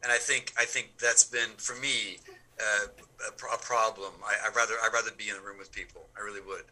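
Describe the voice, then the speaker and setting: A man talks casually in an interview about his acting work, his voice very bright and forward. He is animated, repeats himself as he builds a point, and speaks in a relaxed conversational way. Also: on the low side, a little fast, rough recording. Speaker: actor, interview guest.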